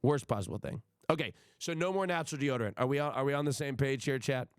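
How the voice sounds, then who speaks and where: A man's voice: mid-range voice, fast, clean tone, no room sound, clean studio sound. A man streaming live, ranting to his chat in a profane, emphatic way with frequent stammering restarts. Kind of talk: casual livestream rant to chat.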